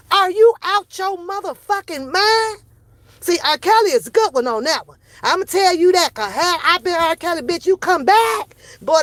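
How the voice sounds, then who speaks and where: Woman, middle-aged, high voice, sarcastic, heated rant, repeats questions. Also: a bit bright, no echo. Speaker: commentary vlogger. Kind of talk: profane opinion rant.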